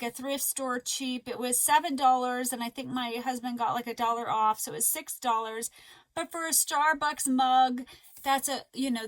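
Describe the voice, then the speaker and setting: A woman chatting casually in a crochet vlog, rambling and excitable with lots of fillers. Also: sits high, rough recording. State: a little out of breath. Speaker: crochet vlogger.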